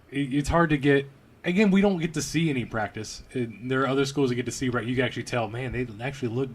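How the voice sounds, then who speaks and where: A man from Louisiana co-hosts a casual sports podcast. He rambles and cracks jokes, thinking out loud mid-sentence and trailing off. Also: medium pitch, quick pace, slight background noise. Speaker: podcast co-host.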